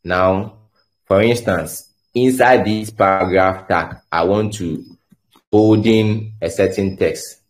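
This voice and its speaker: This coding instructor's voice is very low and his pace unhurried as he walks through a screen-share lesson. Typing and running examples while he talks, he pauses, repeats words, and thinks aloud.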